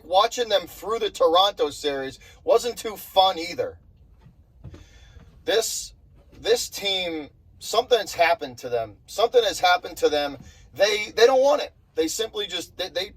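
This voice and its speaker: A high-pitched young man, a sports vlogger, rants with anger about his basketball team, swearing and saying things over and over in exasperation. The recording is low quality.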